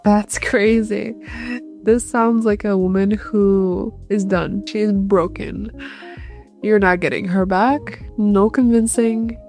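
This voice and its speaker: A woman's voice: mid-range voice, steady tone, takes it slowly, a little mellow, soft background music. A woman hosting a reaction video, giving casual, blunt commentary on clips. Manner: blunt, disapproving remarks.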